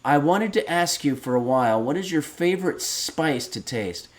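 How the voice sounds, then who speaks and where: A man in his fifties hosting a casual cooking livestream, reading viewer messages aloud and answering with deadpan, rambling stories. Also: fairly high pitch, moderate pace. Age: 50s. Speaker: streaming cooking show host.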